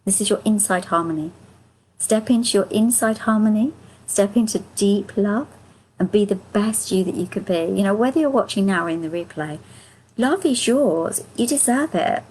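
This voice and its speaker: A woman leading a live angel card reading, speaking in a gentle, affirming, soothing way. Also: mid-range voice, husky, poor audio. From United Kingdom. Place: home, live stream.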